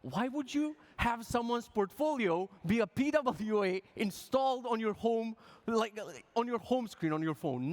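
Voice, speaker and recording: A man with a fairly high voice gives a humorous talk on stage at a conference. He jokes with the crowd, swears casually, and acts out little quoted voices as he goes. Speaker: conference speaker.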